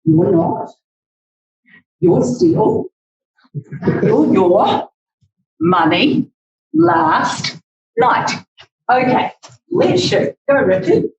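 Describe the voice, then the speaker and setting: A woman teaching public speaking in a workshop, speaking in a slow, deliberate, demonstrative way. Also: high-pitched, big pitch swings, darkish tone. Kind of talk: workshop presentation. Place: library meeting room. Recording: echoey, distant, dull audio.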